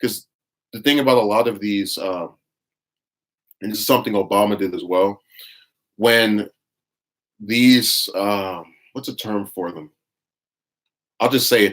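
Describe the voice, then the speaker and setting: A man giving blunt, scornful live-stream commentary, reading viewer chat and rambling with frequent restarts. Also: lowish voice. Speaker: livestream commentator.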